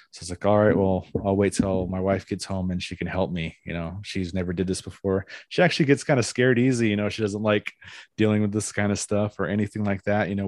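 A man with a very low voice tells a long personal story in a loose, conversational way. He circles back on himself and fills pauses with "you know". The sound is dry and close, with no room around it. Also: a little mellow, no echo. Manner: rambling, full of "you know" fillers, laughs now and then. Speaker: guest telling a personal story. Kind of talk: casual first-person storytelling.

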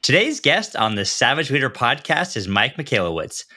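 A man hosting a podcast, reading a scripted introduction and then asking his guest questions in a brisk, friendly way. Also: medium pitch, very animated, music in the background. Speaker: podcast host.

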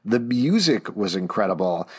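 A man in his thirties co-hosts a podcast, talking eagerly and chuckling often in casual discussion. His voice is lowish and husky, at normal speed, and his manner animated and enthusiastic.

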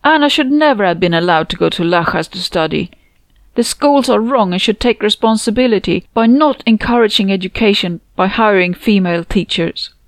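A woman's voice: medium pitch, animated, a little fast, no room sound, lightly acted. A woman voicing a hysterical, fanatical grieving mother who rants at a funeral. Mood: shrieking rant. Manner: hysterical, ranting.

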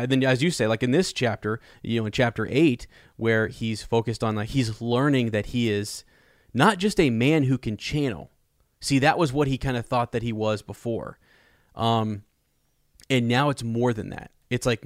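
A man's voice: fairly low pitch, no echo, clean studio sound. A man talking casually and with enthusiasm about a book chapter, restarting and saying "you know" often. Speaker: book podcast co-host. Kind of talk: casual chat.

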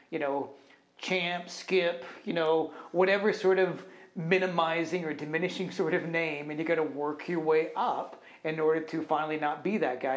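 A man co-hosting a podcast, telling a long work story in a casual, rambling way and often tagging his sentences with "right?". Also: a little high. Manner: animated, acts out other people's quotes; rambling with fillers like "right?" and "kind of thing". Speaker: podcast co-host.

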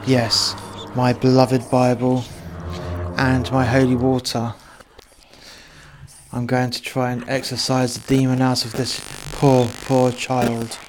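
A man playing a middle-aged exorcist priest who speaks slowly and softly, calling others "my son" and "my child", in an amateur comedy horror skit. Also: mid-range voice, monotone, noisy background, natural voice. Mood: solemn. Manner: slow, hushed, calls others "my son" and "my child".

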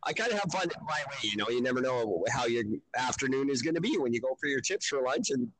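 Lively, wry-talking man on a podcast. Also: medium pitch, fast talker, rough recording. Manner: wry, rambling, sarcastic. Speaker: podcast co-host. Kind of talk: casual chat.

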